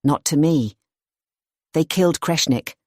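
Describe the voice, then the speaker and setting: A woman's voice: low-pitched, measured pace, a little mellow, dry recording. A terrified young woman speaking heavily accented English, put on by an audiobook narrator. She is urgent and wary, her words thick with fear. The recording is dry and close. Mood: whispered dread. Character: frightened young foreign woman, terrified and defensive.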